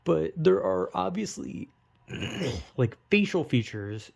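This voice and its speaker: Gravelly rambling young guy. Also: mid-range voice, expressive, takes it slowly, darkish tone. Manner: rambling, filler-heavy, frequent swearing; self-deprecating, rhetorical questions. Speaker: vlogger. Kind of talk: rambling casual monologue.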